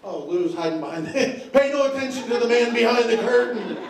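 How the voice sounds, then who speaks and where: A man's voice: very high voice, lively intonation, a little fast, crowd noise. A man from Tennessee, doing a stand-up comedy set in a drawling, storytelling way with lots of fillers. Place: comedy club stage. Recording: echoey room from a distance.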